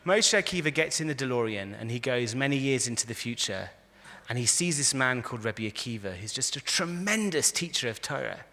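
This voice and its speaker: A man, a rabbi, giving a lively lecture to a live audience, telling stories and acting out the quotes with frequent restarts. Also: medium pitch, fairly quick, few pauses. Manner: animated storyteller, frequent restarts, acts out quotes. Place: large convention hall. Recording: echoey hall.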